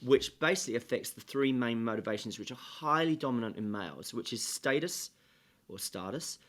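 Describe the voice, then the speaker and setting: A man, a sales trainer, talking as a podcast guest in a measured, explanatory way with frequent fillers. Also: mid-range voice, lively intonation, fairly bright tone. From England. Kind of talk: interview conversation.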